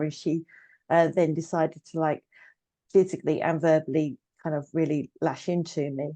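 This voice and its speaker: A woman's voice: sits low, level tone, fairly quick, dark tone, no echo. Give me a woman in her fifties telling her story plainly and evenly, close and dry on the mic. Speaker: guest, trauma coach and therapist. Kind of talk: personal story in casual conversation.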